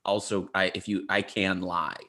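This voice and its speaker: A playful man in casual podcast chat, giggling as he runs a silly quiz. His voice is fairly low. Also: flat delivery, moderate pace, bright, forceful tone. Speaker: podcast co-host.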